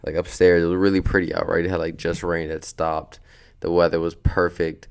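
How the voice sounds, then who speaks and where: Sleepy low-voiced young man, gravelly. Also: completely flat delivery, a little fast. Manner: laid-back, slangy, meandering, cursing. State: sleepy, just woken up. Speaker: podcast host. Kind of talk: casual rambling podcast chat. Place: at home, sitting in a beanbag.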